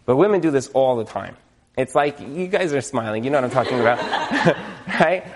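A man giving a humorous religious lecture in front of an audience. He is animated, jokes, checks in with the listeners, and uses Jewish religious terms. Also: medium pitch, normal speed. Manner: animated, joking, asks the audience questions. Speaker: speaker giving a talk to an audience.

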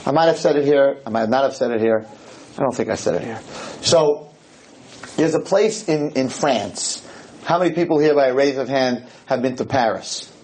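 A man giving a humorous storytelling lecture to a live audience, talking in an animated, joking way with sudden jumps in pitch. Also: moderate pace, a little hiss or hum, low-quality recording.

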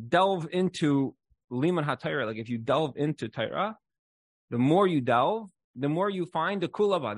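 In a relaxed Torah class, a male teacher with a mid-range voice spins stories in an easy, conversational way, dropping "like" again and again. There's no echo.

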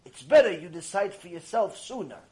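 A man giving an impassioned mussar lecture, exhorting his listeners and swinging between hushed and loud. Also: high-pitched, big pitch swings, a little fast. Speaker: Torah lecturer.

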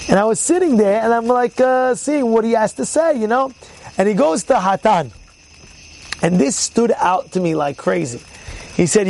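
Brief: rabbi in his thirties, high for a man, punchy repeated questions, faint crickets behind. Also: creaky, darkish tone, a little hiss or hum. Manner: repetitive rhetorical questions, checks in with listeners; emphatic bursts on key words. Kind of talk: informal Torah talk. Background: crickets and insects faintly.

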